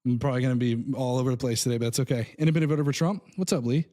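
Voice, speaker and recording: A man's voice: medium pitch, rapid-fire, warm tone. A man hosting a live call-in stream, talking casually in a loose, rambling way and laughing often. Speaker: host.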